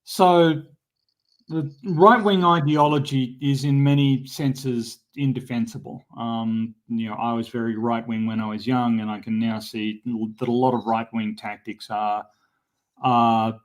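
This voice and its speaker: A man talking as a livestream guest in a measured way, pausing often with ums. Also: medium pitch, steady tone. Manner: slow and measured, many ums. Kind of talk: casual discussion.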